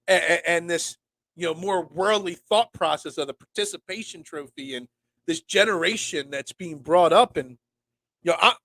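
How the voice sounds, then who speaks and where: A man's voice: on the high side, normal speed, pushed and bright. A man in his forties from Pennsylvania, hosting a casual sports talk show. He is feeling sick, rambles, and stammers through many restarts. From Pennsylvania, USA. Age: 40s. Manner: rambling, stammers and restarts, reads and answers chat. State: sick, congested.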